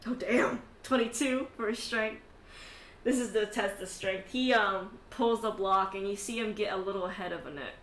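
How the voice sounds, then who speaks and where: A woman's voice: mid-range voice, moderate pace, a bit bright, echoey room, slight background noise. A woman narrating a tabletop game as game master, laughing often and swearing casually between filler words.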